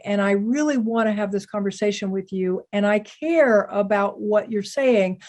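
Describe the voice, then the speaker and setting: A woman teaching communication skills, talking in a measured, gentle way as she walks through an example step by step. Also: mid-range voice. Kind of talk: calm instructional talk.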